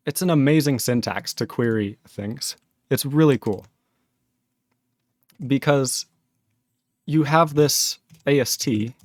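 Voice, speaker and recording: A man hosting a programming livestream, chatting casually and excitably, rambling with quick laughs. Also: mid-range voice, no echo. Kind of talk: casual livestream chat while coding.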